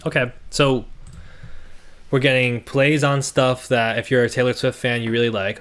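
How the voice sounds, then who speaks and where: A man of middle pitch talks casually on a stream, reading song lyrics aloud and pausing to pick them apart. His tone is sarcastic and critical as he thinks out loud, with frequent asides. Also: flat delivery, clean tone.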